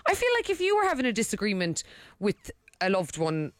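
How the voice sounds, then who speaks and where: A woman's voice: mid-range voice, huge pitch swings, brisk, no room sound. A woman with an Irish accent, co-hosting morning radio in chatty, earnest talk. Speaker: radio co-host. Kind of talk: casual chat.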